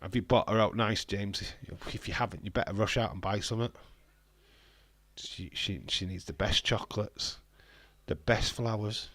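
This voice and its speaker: A man hosting a live wrestling watch-along, chatty and excitable, swearing casually. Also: on the low side, moderate pace, no room sound. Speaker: livestream host.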